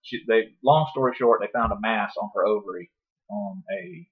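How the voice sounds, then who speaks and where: A man telling a long story in casual podcast talk, profane and animated, acting out his own past words. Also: mid-range voice, moderate pace, creaky. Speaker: podcast guest. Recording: dull lo-fi podcast audio.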